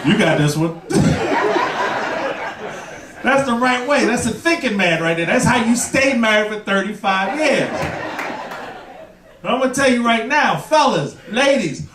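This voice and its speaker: A man's voice: very high voice, lively intonation, unhurried, pauses often, far from the mic, very noisy. A man performing a stand-up comedy set on a club stage, talking to the audience and putting on voices for the people he mocks. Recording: roomy club, mic heard from afar, loud crowd. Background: audience laughter and applause.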